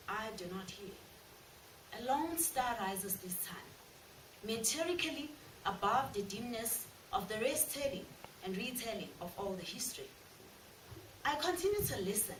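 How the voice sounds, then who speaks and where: A woman recites a poem in a measured, rhythmic, declamatory voice that sits somewhat high. She is picked up from a distance in an echoey room with steady noise around her. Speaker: drama student. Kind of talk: poetry recitation. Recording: echoey room, from far off, noisy.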